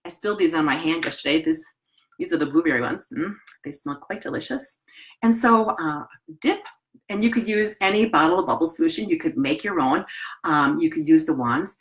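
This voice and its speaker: Middle-aged Wisconsin woman, lively piano teacher trainer, chatty and hands-on. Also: low-pitched, fairly quick. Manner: chatty, animated, demonstrates as she talks. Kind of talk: live-streamed teaching talk. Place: home studio with piano and desk.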